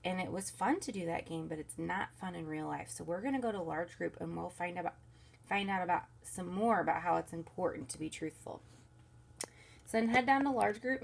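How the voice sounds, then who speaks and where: A woman's voice: mid-range voice, gravelly, slight background noise. A woman who leads children's ministry, walking volunteer small group leaders through the week's kindergarten lesson in an upbeat, instructive way. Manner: soothes a baby softly mid-lesson. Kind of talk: recorded training walkthrough for volunteers. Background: crying baby.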